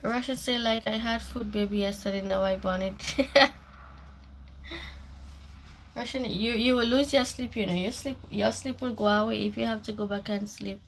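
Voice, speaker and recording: A woman's voice: mid-range voice, steady tone, moderate pace, slight background noise. A woman with a Caribbean accent hosting a casual morning livestream, chatting away as she reads viewer comments aloud and answers them. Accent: Caribbean English. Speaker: livestream host.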